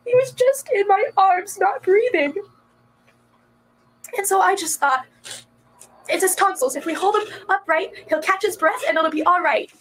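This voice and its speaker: A woman, a mother, recounting events in a recorded police interview, distraught and soft-voiced, her voice often breaking into tears. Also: very high voice, lively intonation, moderate pace, pauses often, low-quality recording. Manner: soft-voiced, quiet when upset. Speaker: mother being questioned by police.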